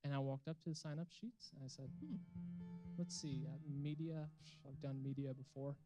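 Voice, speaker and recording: A man's voice: medium pitch, moderate pace, poor audio. A young adult man giving an earnest, emphatic sermon to a youth group, ending with a call to pray and commit. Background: instrumental music.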